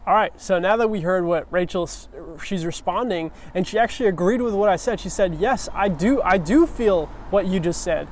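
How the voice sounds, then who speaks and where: Earnest high-voiced man preaching casually. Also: normal speed, few pauses, a little mellow, a little hiss or hum. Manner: earnest, conversational, many restarts. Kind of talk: casual sermon.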